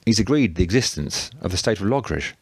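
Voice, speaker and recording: A big, sturdy man, as a male narrator plays him, talks in a low, brusque way, short-tempered. Dry, close sound. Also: animated, fairly quick, husky, no echo, full character voice. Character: big sturdy blunt man, quick to anger.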